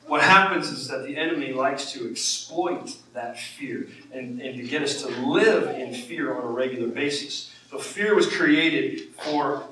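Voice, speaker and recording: A man's voice: medium pitch, bright, forceful tone, a little hiss or hum. A man, a pastor, preaching a sermon in a conversational way that rises when he quotes scripture. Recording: echoey room from far off.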